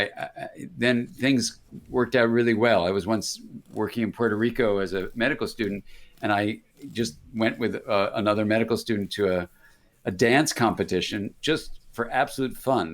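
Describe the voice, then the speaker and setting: A man's voice: on the low side, normal speed. An older American man, a psychiatrist and interview guest, telling casual anecdotes with many restarts and acted-out voices. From United States. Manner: rambling, self-interrupting, acts out voices in anecdotes. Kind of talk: casual conversational storytelling.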